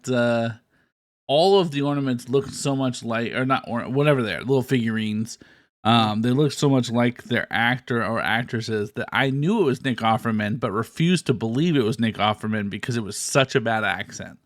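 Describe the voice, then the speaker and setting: A man co-hosting a casual movie chat, lively and prone to jumping high in pitch when quoting. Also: normal speed, no echo, studio quality. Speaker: podcast co-host.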